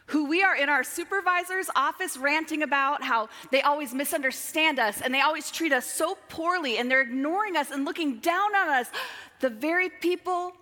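A woman preaching a sermon, dramatic, moving between emphatic lines and hushed asides. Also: high voice, brisk, hardly any pauses. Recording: long hall reverb.

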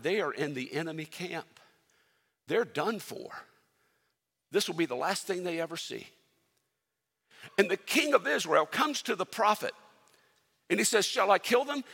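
A pastor preaching a sermon, telling a Bible story with animated swings between loud and hushed delivery. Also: male voice, sits high, vocal fry, husky. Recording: long hall reverb.

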